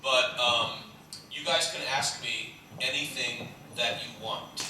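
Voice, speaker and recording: A man's voice: medium pitch, fairly even intonation, takes it slowly, sharp tone. A man on a convention panel, joking playfully and mocking himself. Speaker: guest actor on a convention panel. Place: large convention hall. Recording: echoey hall with distant mic, audience noise.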